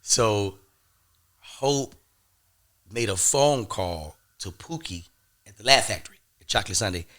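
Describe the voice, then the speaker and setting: A young adult man hosting a podcast, telling a lively story and acting out both sides of phone calls. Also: fairly low pitch, a little slow, long pauses. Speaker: podcast host. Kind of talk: animated storytelling.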